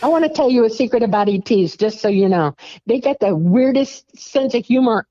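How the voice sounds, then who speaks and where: A woman's voice: on the high side, lively intonation, brisk, warm tone, dry recording, lo-fi sound. A woman guest on a talk show, chatting casually and emphatically about her experiences, laughing often. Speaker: guest contactee. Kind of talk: casual chat.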